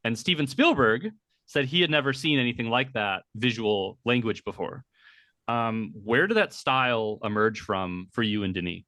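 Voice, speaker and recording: A man's voice: medium pitch, animated, moderate pace, bright, forceful tone, no echo. Male interviewer, mid-range voice, articulate, long-winded questions, dry close sound. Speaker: interviewer host.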